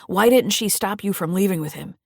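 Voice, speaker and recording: A woman's voice: medium pitch, a little fast, gravelly, a little mellow, no room sound, studio quality. A woman voicing a skeptical younger male state trooper asking pointed questions.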